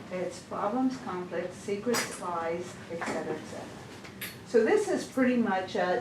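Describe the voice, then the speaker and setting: A woman giving a casual testimony at a church women's session, chatty and full of restarts. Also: mid-range voice. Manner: chatty, stumbling restarts, laughs often. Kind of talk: informal testimony talk. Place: church hall. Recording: echoey room, mic far off, noisy.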